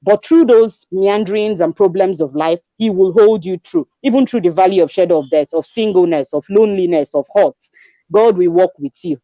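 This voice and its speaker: Twenties, Nigerian accent, mellow tone, expressive storyteller who slips into pidgin, dry close recording. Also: female voice, on the low side, moderate pace, dry recording, lo-fi sound. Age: 20s. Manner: animated storyteller, acts out dialogue, mixes in pidgin. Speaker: guest. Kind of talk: conversational testimony.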